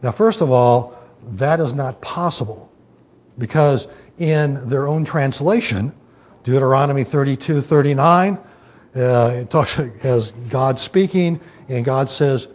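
A man's voice: medium pitch, unhurried, darkish tone. A man teaching a Bible study, explaining the scripture in an emphatic way, with many fillers and restarts.

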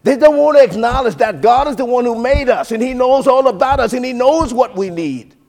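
A man with a high voice delivers a sermon in a rolling preacher's cadence. He drops to quiet, low asides, then lifts into loud, drawn-out emphasis, calling out to "folks" again and again. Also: lively intonation, creaky. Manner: preaching cadence with sing-song rises and big swings in loudness; keeps addressing listeners as folks.

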